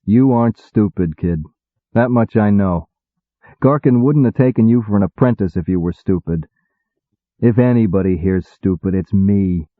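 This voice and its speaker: A man's voice: fairly low pitch, normal speed, no echo, close to an everyday voice. A man voicing an impatient, wisecracking male demon who talks bluntly in slang, on a tinny recording. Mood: gentle. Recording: tinny phone-like dry sound.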